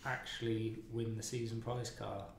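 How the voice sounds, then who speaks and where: A man's voice: lowish voice, level tone, moderate pace, creaky, slight background noise. A man co-hosting a game stream, talking casually and hesitantly with many fillers. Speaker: game developer co-host. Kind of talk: casual chat. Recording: roomy studio sound.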